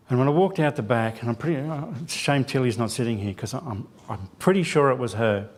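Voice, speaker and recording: A man's voice: medium pitch, animated, brisk, few pauses. A man giving a church sermon as a lay preacher, telling a self-deprecating personal story with quoted dialogue. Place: church sanctuary.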